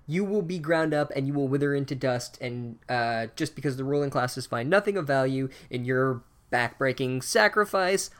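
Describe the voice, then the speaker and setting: A man's voice: medium pitch, lively intonation, moderate pace, hardly any pauses, fairly bright tone, natural voice. A man voicing a sarcastic magic hat that sorts students, in a mock-solemn tone. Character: snarky singing magic hat sorting students.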